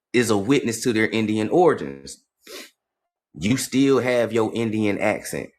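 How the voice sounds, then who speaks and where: A man hosting a casual livestream, reading passages aloud and commenting on them in streetwise slang, with profanity and points repeated for emphasis. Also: lowish voice. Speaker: livestream host.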